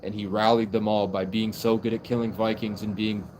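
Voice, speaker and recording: A young man rambles through a casual livestream monologue, leaning on "like" as he goes. His voice sits on the low side. Faint crickets and insects chirp in the background. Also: level tone, brisk, a little mellow, a little hiss or hum. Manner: rambling, heavy use of "like" fillers. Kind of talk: casual live stream monologue.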